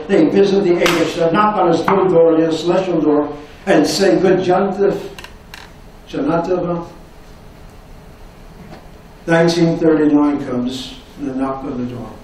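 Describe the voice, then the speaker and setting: A man with a slightly high voice lectures with passion, firing rhetorical questions and dropping to near-whispers. He is picked up from far off in a very echoey university hall, with faint room noise behind him. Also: fairly even intonation, moderate pace, a little mellow. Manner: dramatic, impassioned delivery with many rhetorical questions; voice sinks to near-whispers at emotional moments. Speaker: professor giving a lecture. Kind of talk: public lecture. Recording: echoey hall recorded from afar.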